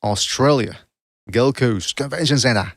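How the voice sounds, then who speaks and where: A man's voice: medium pitch, unhurried, creaky, no echo. Rambling male boxing podcast host, dry sound. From Canada. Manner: rambling, self-correcting, chatty. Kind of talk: casual livestream commentary.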